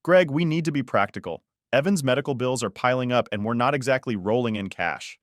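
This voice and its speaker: A man's voice: medium pitch, animated, fairly quick, dry recording, clean studio sound, voice pushed up, lightly acted. A man voicing a cold, scheming stepmother who sounds falsely sweet and calculating in a narrated story. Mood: worried. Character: scheming cold stepmother, middle-aged woman.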